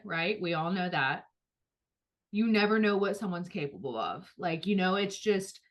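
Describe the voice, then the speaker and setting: A woman co-hosting a podcast in casual chat, rambling and talking things through with lots of filler words. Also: fairly low pitch. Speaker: podcast co-host.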